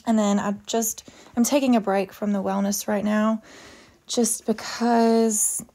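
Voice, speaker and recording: A woman's voice: medium pitch, fairly even intonation, a little slow, vocal fry, dark tone. A young woman vlogger chatting casually while decorating her planner, rambling with lots of fillers and restarts. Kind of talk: casual plan-with-me talk.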